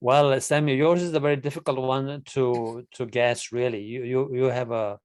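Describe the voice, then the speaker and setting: A man's voice: medium pitch, fairly even intonation, moderate pace, darkish tone, clear, resonant tone, no room sound. Chatty man hosting a video call. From Kenya. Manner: chatty, repeats words while thinking. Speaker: meeting host.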